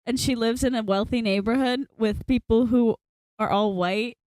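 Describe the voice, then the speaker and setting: A woman's voice: fairly high pitch, fairly even intonation, normal speed, a little mellow, dry recording. Rambling young woman telling a story. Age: young adult. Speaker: podcast co-host. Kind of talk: casual chat.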